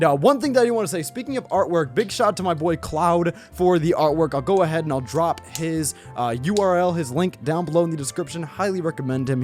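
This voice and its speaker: A man's voice: on the high side, darkish tone. A young man giving goofy, rambling let's play commentary with jokey asides. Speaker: gaming YouTuber. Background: faint background music.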